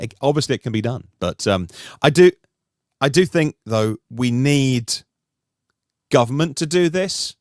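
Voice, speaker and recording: A man talking through a podcast discussion in an animated, rambling way, with many restarts. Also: medium pitch, dry recording, studio quality. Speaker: podcast host, guest panelist.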